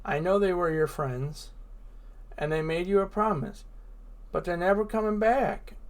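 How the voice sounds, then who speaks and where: Weary old keeper of a lighthouse, read by a man, blunt, grave, a touch higher voice. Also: unhurried. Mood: somber.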